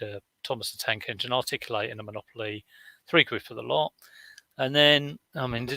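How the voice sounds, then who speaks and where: A man's voice: medium pitch, sharp tone, no room sound. A man, chatting casually on a live stream as a reseller, rambling through stories with many fillers and restarts. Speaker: reseller vlogger.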